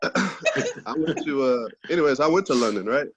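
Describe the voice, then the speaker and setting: A man's voice: medium pitch, expressive, normal speed, noisy background. A man doing a loose, profane stand-up set over a video call, laughing at his own jokes. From Texas, USA. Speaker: stand-up comedian.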